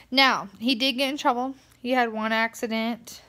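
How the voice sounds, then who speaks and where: Tired girl ranting on her vlog, kinda high voice, says like a lot. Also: steady tone, normal speed, sharp tone. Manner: chatty, rambling, lots of "like" fillers. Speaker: vlogger. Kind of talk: casual vlog rant.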